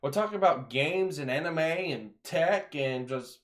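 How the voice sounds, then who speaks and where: A man hosting a casual livestream chat who talks in an animated way and steps in to calm things down. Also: a little high, unhurried. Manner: animated, calming others down. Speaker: livestream host.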